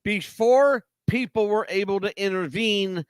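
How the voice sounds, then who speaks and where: A man's voice: sits high, unhurried, smooth, dry recording, clean studio sound. A man hosting talk radio, telling a story dramatically with rhetorical questions. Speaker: radio host.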